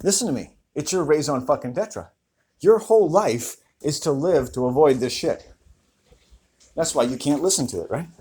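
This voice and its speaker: A man with a squeaky voice ranting to camera outdoors in a furious, profane, confrontational way. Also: very animated, normal speed, mellow, slightly rough. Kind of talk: angry rant to camera.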